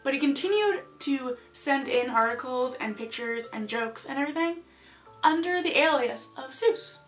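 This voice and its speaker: A woman's voice: high-pitched, animated, normal speed, soft background music. A young adult woman chatting casually to camera in a vlog, offhand and jokey, with lots of fillers. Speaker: video creator.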